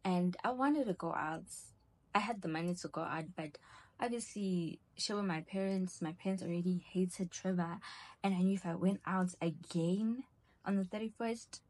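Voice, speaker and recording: Husky young woman, chatty storytime vlogger, voices the people in her tale. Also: fairly low pitch, normal speed. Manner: animated storyteller acting out quoted dialogue. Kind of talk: storytime vlog.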